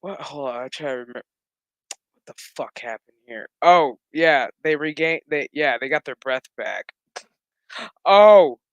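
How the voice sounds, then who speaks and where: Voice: mid-range voice, lively intonation, unhurried, no room sound, muffled recording. Sarcastic, profane recap vlogger. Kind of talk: casual recap commentary.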